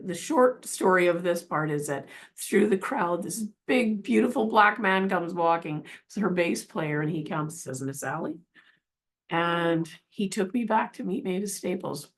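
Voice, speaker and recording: A woman's voice: fairly low pitch, moderate pace, hardly any pauses. A middle-aged woman telling a personal story in a casual, earnest, rambling way, full of restarts and asides. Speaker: healing practitioner telling her story.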